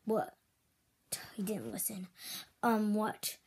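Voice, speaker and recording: A woman's voice: medium pitch, big pitch swings, slow, darkish tone, slightly rough, heavily acted. A woman voicing an eager, impatient female toy karate student who asks whiny questions.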